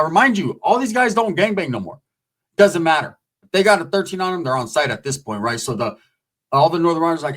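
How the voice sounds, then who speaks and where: A man casually telling a long story in streetwise, profane talk, acting out the quotes as he goes. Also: a little high. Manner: streetwise, profane, animated retelling with acted quotes. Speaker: storyteller recounting prison life.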